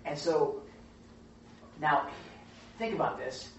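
Speaking slowly and with animation, this medium-pitched teacher leads a Bible study group in a relaxed way, often quizzing the listeners. Slight background noise sits under a dull sound captured by a distant mic in a very echoey room.

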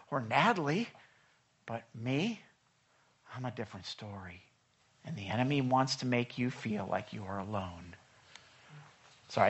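A pastor delivers a sermon to a church congregation in an animated, chatty way. The voice sits at a middle pitch. It acts out the people in the stories and keeps checking in with the room. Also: slightly rough. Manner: chatty, asks the room questions.

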